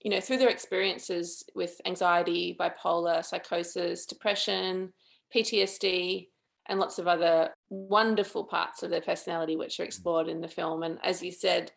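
A woman's voice: on the low side, flat delivery, moderate pace, gravelly. A woman filmmaker being interviewed, speaking in a thoughtful, earnest and chatty way. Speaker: documentary filmmaker, guest. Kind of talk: interview conversation.

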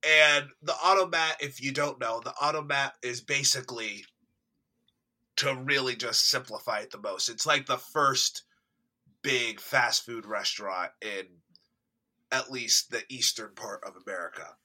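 A young man chatting casually on a podcast, upbeat and quick to laugh. His voice is very bright and sharp. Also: mid-range voice. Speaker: podcast co-host. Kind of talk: casual chat.

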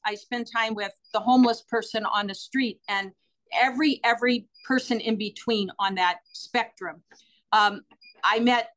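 A middle-aged woman, a guest telling personal stories in an interview, earnest and animated with frequent fillers. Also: fairly high pitch. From United States.

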